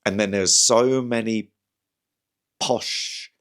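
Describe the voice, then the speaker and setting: A man's voice: fairly low pitch, steady tone, slow pace, fairly bright tone. A young man from Slough with a slightly posh southern English accent, a comedian chatting casually on his own, rambling with lots of fillers and restarts and poking fun at himself. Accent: southern English, somewhat posh. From Slough, England. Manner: rambling, self-deprecating, many fillers and restarts. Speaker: comedian and podcast host. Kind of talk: casual solo chat.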